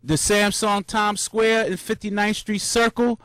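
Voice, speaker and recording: A young man casually recounting a marathon, animated and full of slang, jumping into high shouts when he acts out cheering crowds. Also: measured pace, dry recording, clean studio sound. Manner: loose, repetitive slang with many restarts. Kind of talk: casual storytelling monologue.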